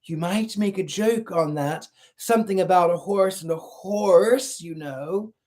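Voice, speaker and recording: A man's voice: high-pitched, unhurried, darkish tone, voice pushed up. A man doing a tiny, sad little insect. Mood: wistful.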